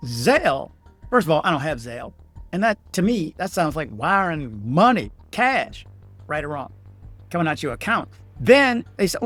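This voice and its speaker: A middle-aged man from Washington, D.C., with a D.C. accent, telling a travel horror story in a heated, animated vlog rant. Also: high-pitched, moderate pace, faint music behind. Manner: animated, heated, acts out texted exchanges in raised voices. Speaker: vlogger.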